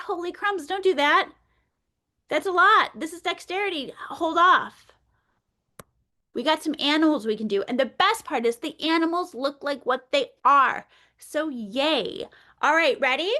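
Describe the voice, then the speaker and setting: A middle-aged woman leading a teacher workshop, playful and animated, often slipping into a lively voice aimed at young children. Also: high-pitched. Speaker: early childhood educator leading a webinar.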